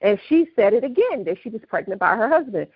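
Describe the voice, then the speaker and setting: An animated woman, retelling a story to her co-host and slipping into the voices of the people in it. The sound is dry and a little dull, like a lo-fi studio mic. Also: fairly high pitch, fast talker, husky, no echo. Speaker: podcast co-host. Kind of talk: casual storytelling chat.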